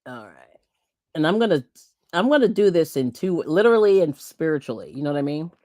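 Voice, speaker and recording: A woman's voice: sits low, sing-song, fairly quick, mellow, no echo, studio quality. A middle-aged woman from Pennsylvania hosting a livestream, chatting casually and laughing often as she reads viewer comments. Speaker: livestream host.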